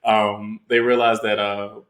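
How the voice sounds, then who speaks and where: A man with a fairly low voice talks through a movie's plot in easy podcast chat. He strings it together loosely, leaning on fillers. The sound bounces around a reverberant room. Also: flat delivery, slow pace, a bit bright. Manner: loose plot recap full of "like" and "um". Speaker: podcast co-host. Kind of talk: casual movie review chat.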